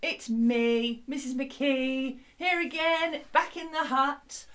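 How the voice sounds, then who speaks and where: A woman who is a music teacher, leading a lively children's music lesson from a hut, with a bright, encouraging, sing-song way of talking. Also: high-pitched, slow pace. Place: outdoor classroom hut. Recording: slightly distant mic with music behind.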